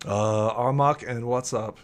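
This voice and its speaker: A man narrating as game master in a casual online tabletop session, with lots of fillers and quick switches into character voices. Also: medium pitch, steady tone.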